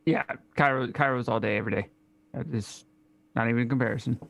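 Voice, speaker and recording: A man on a casual live-stream panel who keeps cracking quick jokes. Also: mid-range voice, steady tone, gravelly, fairly bright tone.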